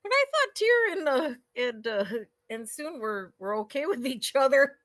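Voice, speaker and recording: A woman's voice: sits high, sing-song, normal speed, fairly bright tone, no room sound. A woman playing a tabletop game, asking questions and giggling between lines. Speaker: player.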